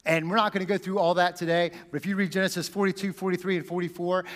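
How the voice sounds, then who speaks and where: High-voiced preacher in a reverberant hall. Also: male voice, fairly even intonation, fast talker, hardly any pauses. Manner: dramatic, swings from loud to near whisper. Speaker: pastor. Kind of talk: sermon.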